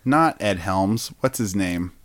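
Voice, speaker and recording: A podcast co-host in casual chat, playful and jokey, tossing out quick gags. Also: low voice, animated. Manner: playful, jokey, bursts of laughter.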